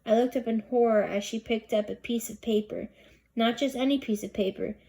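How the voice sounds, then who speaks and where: A woman narrating a children's novel aloud in a steady, expressive reading. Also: a little high, a little fast, vocal fry. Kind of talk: storybook narration.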